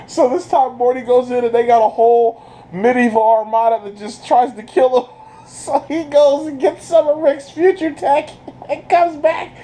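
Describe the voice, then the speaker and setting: A man giving an excited, casual recap as a video reviewer, breaking into laughter and breathless from it. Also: extremely high pitch, unhurried, poor audio. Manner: keeps breaking into laughter while retelling.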